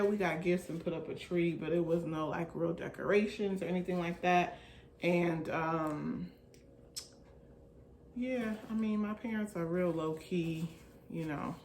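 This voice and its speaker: With a voice on the low side, a home-schooling mom chats casually while filming her children baking in their kitchen. She's relaxed and colloquial, teasing the kids easily in this home vlog, recorded in a roomy space with faint noise behind her.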